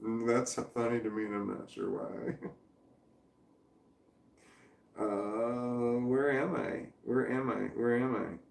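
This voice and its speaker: A man's voice: medium pitch, steady tone, slow pace, gravelly, long pauses, roomy sound. A man hosting a casual livestream, rambling and chuckling as he reads viewer comments aloud and trails off mid-thought. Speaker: livestream host.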